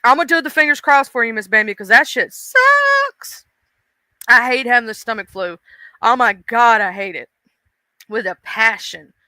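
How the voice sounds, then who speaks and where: A woman chats on her livestream, emotional and talkative as she greets viewers one by one. Her voice is very bright and smooth. It is recorded close and dry, with no room sound. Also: a little high, big pitch swings, moderate pace, no echo. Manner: chatty, emotional, greets chat by name. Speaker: livestream host. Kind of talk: casual livestream chat.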